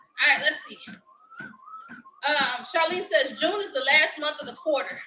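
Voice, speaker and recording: Woman, 30s, livestream host, chatty and upbeat, crisp bright tone, faint hiss. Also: high-pitched, expressive, unhurried, roomy sound, low-quality recording. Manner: upbeat, laughing often, chatty with viewers. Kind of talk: live motivational chat.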